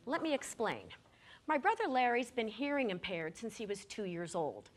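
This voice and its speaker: A woman performing a solo comic story on stage in a small theater, acting out the dialogue in an animated way. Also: a little high, moderate pace.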